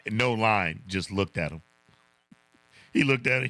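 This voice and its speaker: A man's voice: low-pitched, a little slow, long pauses, pushed and bright, no echo. A man hosting a casual livestream, reading viewer comments in a laid-back way, chuckling often and saying "man" a lot. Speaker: livestream host.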